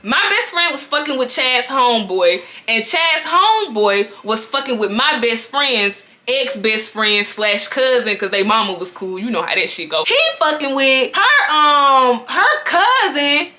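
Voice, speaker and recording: High, bright young woman telling a story. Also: a little slow, hardly any pauses. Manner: animated, profane, laughing storytelling. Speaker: vlogger. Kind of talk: casual storytime.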